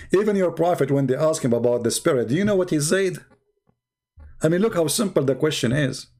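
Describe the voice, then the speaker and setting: A man giving a mocking, challenging polemic monologue as a live-stream debater, swinging between slow low asides and exasperated outbursts. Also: a little mellow.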